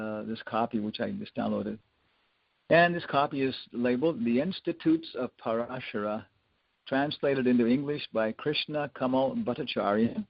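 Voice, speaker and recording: A man's voice: mid-range voice, gravelly, dry recording. A man teaching a scripture class, telling loose, rambling stories full of fillers and little chuckles. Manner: rambling storyteller, many fillers, chuckles often. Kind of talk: lecture on scripture with anecdotes. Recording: dull lo-fi dry lecture recording.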